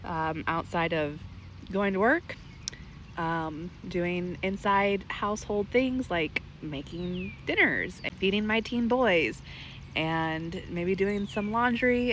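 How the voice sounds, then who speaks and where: A woman's voice: mid-range voice, slight background noise. A heavily pregnant woman in her thirties, short of breath, chatting casually about her garden while seated outdoors. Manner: relaxed, chatty, laughs lightly. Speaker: garden vlogger. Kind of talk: casual garden update chat. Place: backyard garden, outdoors, seated in a lounge chair.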